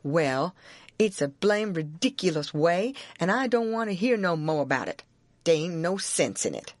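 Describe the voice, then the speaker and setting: A woman's voice: fairly low pitch, sing-song, moderate pace, no echo. A woman voicing a stubborn, argumentative grown runaway man in a heavy rural Southern dialect, in an audiobook. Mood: indignant. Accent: Southern American.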